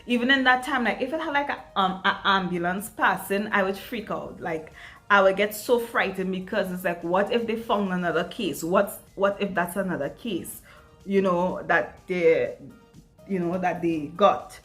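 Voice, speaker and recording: A woman's voice: medium pitch, moderate pace, fairly bright tone, soft background music. A young adult woman from Trinidad, telling a story in a chatty vlog, emphatic and full of repeats. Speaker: vlogger. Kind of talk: get-ready-with-me chat vlog.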